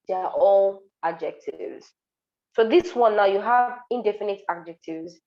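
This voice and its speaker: A woman's voice: medium pitch, a little mellow. Woman patiently teaching over a dull call line. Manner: explains patiently, repeats words, many ums. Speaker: French tutor. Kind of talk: online class lesson.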